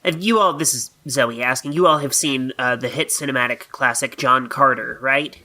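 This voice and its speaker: A man's voice: medium pitch, normal speed, pushed and bright. A man playing a tabletop role-play game, playful and jokey. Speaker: player.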